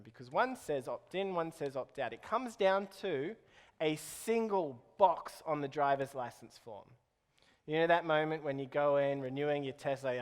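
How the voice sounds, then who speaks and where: A man's voice: mid-range voice, long reverb tail. A man giving a playful live talk to an audience, quizzing them as he goes. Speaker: keynote speaker.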